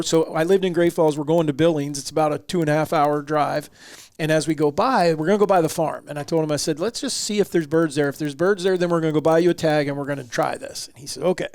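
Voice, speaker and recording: A man's voice: on the high side, creaky, no echo, studio quality. A man hosting a hunting podcast, telling a casual story and acting out the quotes. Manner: animated, acts out quotes in the story. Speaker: podcast host.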